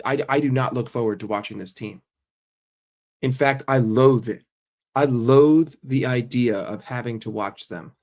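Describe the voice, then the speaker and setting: A man's voice: mid-range voice, a little mellow. A man hosting a casual livestream, reading chat messages and ranting bluntly and sarcastically with frequent swearing. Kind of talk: casual livestream fan rant.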